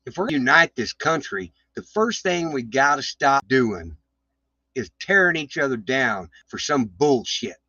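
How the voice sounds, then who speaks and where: A man's voice: medium pitch, very animated, measured pace, pushed and bright, dry recording, highs cut off. Fired-up man ranting on a livestream. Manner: confrontational, swearing, restarts. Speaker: livestream host. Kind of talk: heated livestream rant.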